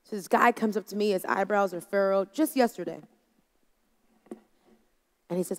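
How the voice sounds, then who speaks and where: A woman's voice: medium pitch, normal speed, long pauses. A woman speaking to an audience about leading a team, in a conversational storytelling manner that acts out quoted voices. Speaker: conference speaker. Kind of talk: leadership talk to a live audience. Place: large hall with an audience. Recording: long hall reverb.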